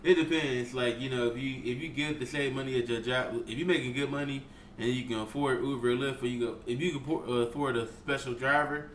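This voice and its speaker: A man's voice: medium pitch, steady tone, quick pace, fairly bright tone, reverberant, slight background noise, poor audio. A young man co-hosting a podcast, chatting casually with slangy, laughing banter. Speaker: podcast co-host.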